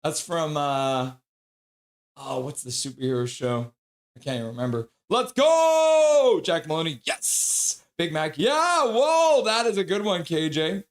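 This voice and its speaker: A man calling a hockey game play-by-play on a live stream and reading viewer chat aloud. He is excitable, whooping and shouting at goals and laughing along with the comments. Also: a little high, moderate pace.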